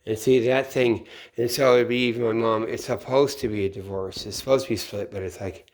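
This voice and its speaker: A man's voice: mid-range voice, fairly even intonation, brisk. Middle-aged man, mid-range voice, rambling late-night talker, profane, drifts into mutters. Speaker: channel host. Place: home at night.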